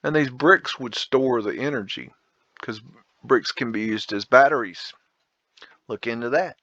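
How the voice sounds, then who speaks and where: A man's voice: mid-range voice, lively intonation, fairly quick, pushed and bright, dry recording, dull audio. A man hosting a casual photo tour, rambling, blunt and profane, with a folksy drawl. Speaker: video host.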